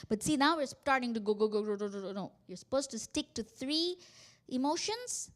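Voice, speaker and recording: A woman giving a workshop talk on family communication, animated and acting out quoted dialogue. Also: high-pitched, brisk. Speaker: workshop speaker. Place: community center hall.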